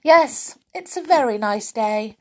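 A deaf little saucepan man, as a woman reads him aloud, bellowing his cheerful mix-ups in a high, bouncy storybook voice. His pitch leaps about with lively swings, and he answers whatever he thinks he heard. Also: slow, exaggerated voice. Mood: cheerful confusion. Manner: loud, high, mishears everything.

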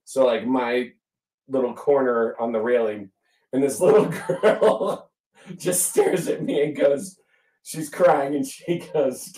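A man co-hosting a casual chat, telling a story in a wry, deadpan way with frequent laughs. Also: mid-range voice, slow, distant mic. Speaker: podcast co-host. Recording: echoey room, voice off-mic.

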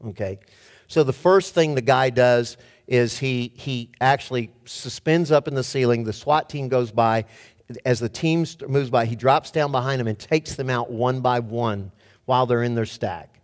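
A man preaching a sermon, telling stories and firing rhetorical questions at his audience with animated swings in pitch and volume. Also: moderate pace. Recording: long hall reverb.

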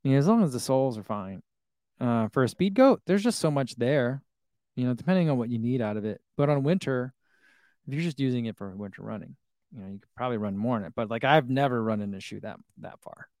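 A man in his thirties talks in a loose, rambling way on a live stream, reading viewer comments aloud and chuckling often. His voice sits at an ordinary middle pitch. The sound is dry and close, with no room around it. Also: animated, fast talker, darkish tone, no room sound. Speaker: running shoe vlogger reading live chat. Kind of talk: casual live-stream chat.

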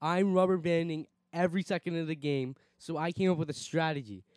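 A man's voice: a little high, steady tone, fairly quick, a little mellow, clear, resonant tone, no echo. A young man co-hosting a podcast, defensive and protesting in casual banter with friends. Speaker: podcast co-host.

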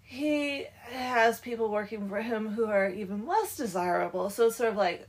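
A woman in a casual book discussion, agreeable and lively as she retells scenes. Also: mid-range voice, normal speed, vocal fry, few pauses, rough recording.

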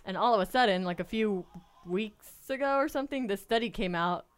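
A woman's voice: mid-range voice, a little fast. A young woman co-hosting a casual podcast chat, telling stories animatedly and laughing often. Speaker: podcast co-host.

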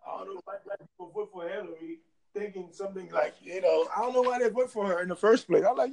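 High-pitched gravelly man ranting profanely. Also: fast talker, a little mellow, poor audio. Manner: heated, profane, emphatic ranting. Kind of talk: casual opinionated chat.

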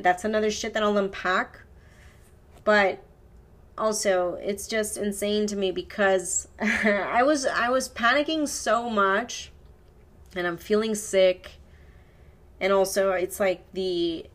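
A woman's voice: mid-range voice, a bit bright. A woman hosting her own podcast, telling a long story in a casual, rambling way, swearing and correcting herself as she goes. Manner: rambling, profane, self-correcting. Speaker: podcast host.

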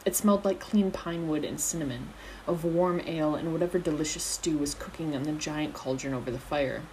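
A woman's voice: low voice, a little fast, darkish tone, a little hiss or hum, poor audio. A woman reading a fan fiction story aloud as the narrator. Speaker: narrator, audiobook reader.

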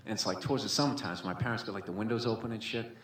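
A man's voice: fairly low pitch, very fast, a little hiss or hum. A man doing stand-up storytelling, rambling with constant filler words and swearing, on a comedy club stage. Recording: echoey room with faint ambience.

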